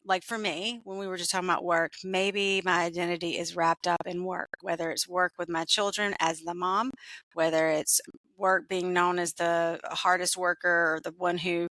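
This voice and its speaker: A woman with a fairly low voice hosts a podcast in easy conversation, warmly affirming her guest as they talk. Her voice is recorded dry and close, with no room sound around it. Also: little pitch movement, normal speed, no room sound. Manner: encouraging, frequent affirmations. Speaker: podcast host. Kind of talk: casual interview chat. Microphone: video call.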